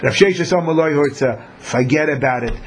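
A man's voice: fairly high pitch, normal speed, slight background noise. A man teaching a Talmud class who acts out the people in his examples. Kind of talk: Talmud lecture.

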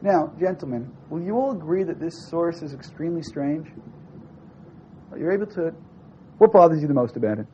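A man with a voice on the high side teaches a classroom text study at a normal speed, reading a source aloud, translating it line by line and firing questions at his students. He is lively and probing as he quizzes the class. The lo-fi classroom recording sounds dull, with slight background noise.

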